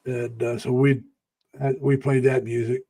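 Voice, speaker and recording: A man's voice: mid-range voice, little pitch movement, a little slow, mellow, breathy edge. An older man hosting a casual live stream, telling rambling, folksy stories about the past and greeting viewers by name. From United States.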